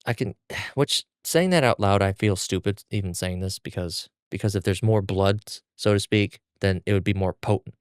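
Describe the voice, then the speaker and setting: A man's voice: deep voice, normal speed, clear, resonant tone, dry recording, clean studio sound. A man hosting a podcast, casually recapping a manga chapter in a chatty, giggly way with restarts. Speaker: podcast host. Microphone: podcast mic on a stand.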